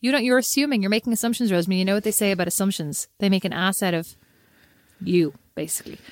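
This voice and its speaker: An Irish woman co-hosting a podcast, chatting casually with an emphatic, teasing manner and quick laughter. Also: medium pitch, a little mellow, no room sound. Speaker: podcast co-host. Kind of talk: casual chat.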